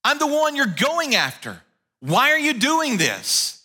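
A man voicing a commanding divine voice from heaven, speaking solemnly and deliberately. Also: extremely high pitch, wildly swooping pitch, bright, forceful tone, voice pushed up, full character voice.

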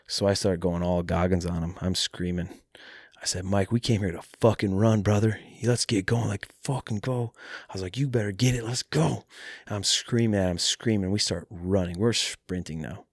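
Man, low voice, casual storytelling, swears freely, dry close sound. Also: dry recording. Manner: animated, profane, acts out his own shouts. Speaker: guest, professional fighter. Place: martial arts academy.

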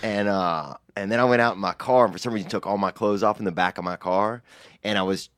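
A young man co-hosts a podcast, telling stories in a laid-back, profane style packed with "bro" and "dude." His voice is lowish and a bit bright, his pace quick, and the recording is dry and studio quality.

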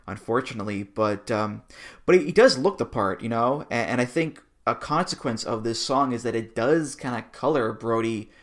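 A man's voice: mid-range voice, expressive, normal speed. A man co-hosting a podcast, chatting casually and reassuringly as he breaks down songs. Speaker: podcast co-host. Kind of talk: casual chat about wrestling theme songs.

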